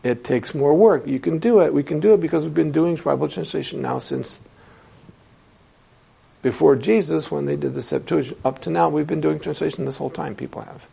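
Gravelly-voiced man lecturing a class. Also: on the high side, fairly quick, warm tone. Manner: explanatory, asks the class rhetorical questions. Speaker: translation instructor.

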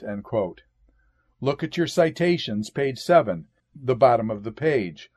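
Male lecturer, measured classroom delivery, steady reading of quoted passages. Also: mid-range voice. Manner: measured, reads quotations aloud, says "quote" and "end quote".

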